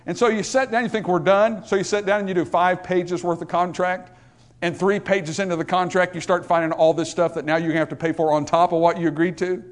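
A man preaching a sermon, emphatic and conversational, asking the congregation rhetorical questions. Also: sits high. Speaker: pastor.

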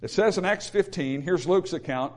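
A man's voice: sits high, moderate pace. A male pastor preaching a sermon in an emphatic, repetitive way, with humorous asides.

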